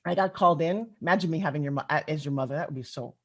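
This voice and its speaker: In a deep voice and at a racing speed, a middle-aged woman shares stories in a conversational keynote at a conference. She's lively and chatty, talking straight to her listeners.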